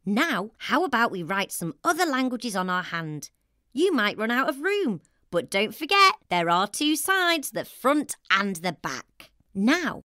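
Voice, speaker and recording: A woman from England hosting a children's show, cheerful and encouraging, speaking slowly and clearly for young children. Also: on the high side, bright, forceful tone. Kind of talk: children's TV presenting.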